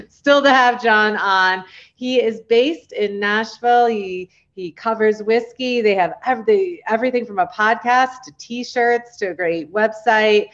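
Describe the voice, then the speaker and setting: A woman's voice: medium pitch, dull audio. Bubbly woman podcast host. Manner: bubbly, laughs often. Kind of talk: podcast hosting, interview.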